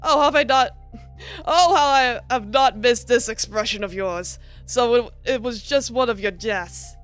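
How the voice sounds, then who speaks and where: A woman's voice: fairly high pitch, a little slow, a bit bright, soft background music. A woman voicing a polished older male criminology professor with a put-on mock British accent, formal and long-winded, as she reads a visual novel aloud. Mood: amused.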